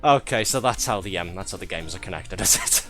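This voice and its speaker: A man streaming a game live, talking in a lowish voice that swings up and down a lot as he jokes. His commentary is wry and sarcastic, and he laughs often. Faint game music plays behind him.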